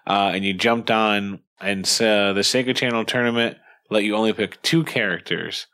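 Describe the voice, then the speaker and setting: A man's voice: fairly low pitch, normal speed, pushed and bright, smooth. A man hosting a podcast, telling stories in casual chat, swearing and laughing often. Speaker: podcast host.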